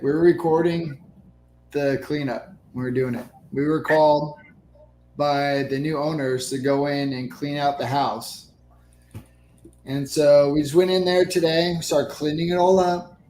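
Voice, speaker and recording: A man as a guest telling his story in a relaxed, plain way. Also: a little high, reverberant, a little hiss or hum. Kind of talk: casual chat.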